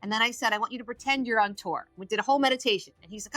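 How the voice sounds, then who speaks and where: A woman's voice: on the high side, rapid-fire, pushed and bright, no echo. A middle-aged woman, a recovery coach, speaking as a podcast guest, telling stories emphatically and acting out the voices of people she quotes. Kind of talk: podcast interview storytelling.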